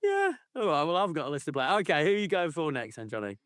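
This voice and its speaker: A man's voice: on the high side, huge pitch swings, fast talker, fairly bright tone, no room sound, studio quality. A man co-hosting a casual football podcast, ranting playfully and swearing freely. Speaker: podcast co-host.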